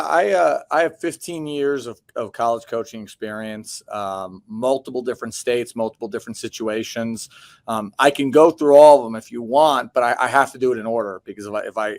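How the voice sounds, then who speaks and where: A man's voice: medium pitch, fairly quick, no echo. A man in his thirties talks through his career in a loose, rambling way, full of ums and restarts. Dry little jokes at his own expense slip in. The sound is close and dry, with no room around it. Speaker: basketball coach, guest. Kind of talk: casual interview answers.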